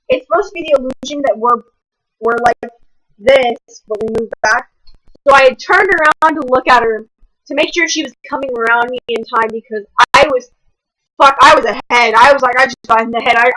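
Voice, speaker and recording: A woman vlogger telling a personal story in a casual, animated way, swearing freely and often restarting her sentences. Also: fairly high pitch, poor audio.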